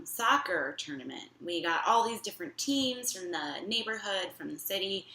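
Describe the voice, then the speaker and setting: A young woman casually telling a personal story in an animated, chatty way, full of fillers. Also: on the low side, reverberant, low-quality recording.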